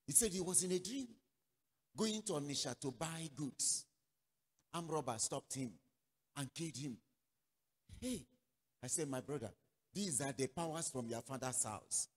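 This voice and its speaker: A man from Nigeria preaching a sermon as pastor, telling a story with acted-out dialogue and sudden loud outbursts. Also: a little high, animated, moderate pace, long pauses. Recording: long reverberant hall.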